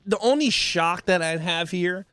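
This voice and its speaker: A man co-hosting a movie talk show, with a somewhat high, bright voice and a dry, close sound. He jumps into his points eagerly, tripping over restarts as he talks. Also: measured pace, dry recording. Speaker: podcast co-host. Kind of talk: casual movie review chat.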